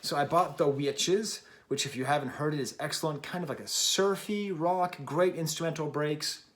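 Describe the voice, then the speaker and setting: A middle-aged man with a fairly high-pitched voice hosts his music review show off the cuff. He rambles in a chatty, self-deprecating way, with plenty of ums and little restarts along the way. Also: normal speed, a bit bright. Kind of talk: casual unscripted video talk.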